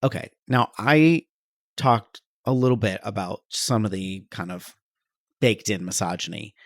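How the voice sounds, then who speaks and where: A man's voice: fairly low pitch, measured pace, fairly bright tone, no room sound, clean studio sound. A man co-hosting a comedy podcast, chatting casually with laughs and casual swearing. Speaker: podcast co-host. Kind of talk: casual chat.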